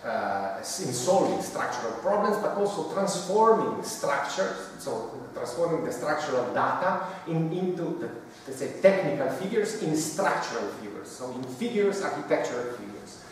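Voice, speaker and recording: A man giving an architecture lecture, halting and searching for words with many pauses. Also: on the high side, big pitch swings, slight background noise. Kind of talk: academic talk with slides. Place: large hall. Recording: echoey hall recorded from far off.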